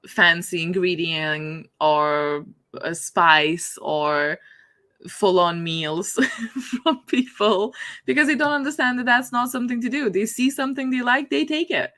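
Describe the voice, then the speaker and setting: Woman host, casual livestream chat, a touch low-pitched, giggly and loose. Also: pushed and bright. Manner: chatty, giggles often. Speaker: book streamer.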